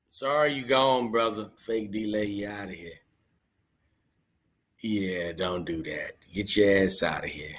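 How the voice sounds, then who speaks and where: A man's voice: lowish voice, unhurried, fairly bright tone. A young man hosting a casual livestream, chatting with viewers in a loose, joking, slangy way. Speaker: livestream host.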